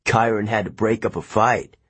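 A man's voice: lowish voice, fairly even intonation, normal speed, a bit bright, slightly rough. A man voicing a friendly but worried teenage boy camp counselor, speaking earnestly under tension. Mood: tense.

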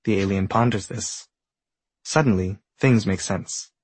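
Husky, low-voiced male storyteller. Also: measured pace, no room sound. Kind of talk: scripted narration.

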